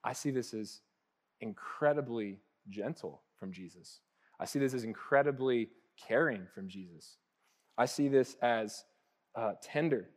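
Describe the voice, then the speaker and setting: A man in his thirties, a pastor giving a relaxed, conversational sermon that swings between lively acted-out asides and soft, hushed moments. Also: mid-range voice, a little slow. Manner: casual and animated, acting out little voices, with laughs and soft hushed asides.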